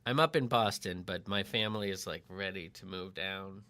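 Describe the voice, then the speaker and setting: A middle-aged man from Massachusetts chatting casually on a podcast from a home barn studio, animated and self-deprecating, with frequent restarts. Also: low-pitched, moderate pace. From Lexington, Massachusetts. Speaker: podcast co-host, marketing writer.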